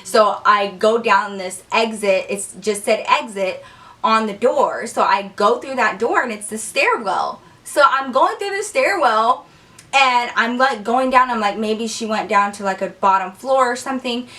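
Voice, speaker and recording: A young woman telling a story in a casual, animated way, cursing freely and saying "like" a lot. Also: fairly high pitch, unhurried, far from the mic. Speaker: vlogger.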